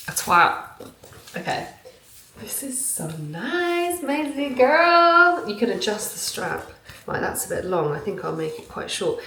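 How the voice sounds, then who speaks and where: A woman's voice: lowish voice, fairly bright tone, echoey room, slight background noise, poor audio. A woman chatting casually and gushing as she unboxes things at home in an unboxing vlog. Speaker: vlogger. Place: home, indoors.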